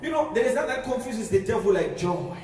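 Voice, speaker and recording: A man's voice: high-pitched, expressive, fast, a crowd in the background. A pastor preaching a sermon, emphatic and call-and-response, repeating key phrases for his congregation. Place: large church hall. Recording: echoey hall from far off, faint room noise.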